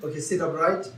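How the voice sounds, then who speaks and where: The voice is a man's, a little high and fairly bright. He leads a Buddhist teaching in a retreat hall, engaging listeners with questions and repeated key phrases, and the spacious room is recorded from some distance.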